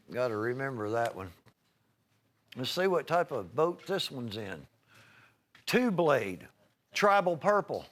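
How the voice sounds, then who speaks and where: A man's voice: medium pitch, sing-song, slow, pauses often, a bit bright. Folksy rambling shopping-channel man. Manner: folksy, rambling, reels off prices and item numbers. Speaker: home shopping host. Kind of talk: live televised sales pitch.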